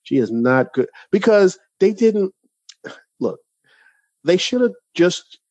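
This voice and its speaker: A man's voice: high voice, slow, dry recording, highs cut off. A man co-hosting a podcast, ranting in casual chat with lots of restarts. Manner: animated, ranting, many restarts. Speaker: podcast co-host.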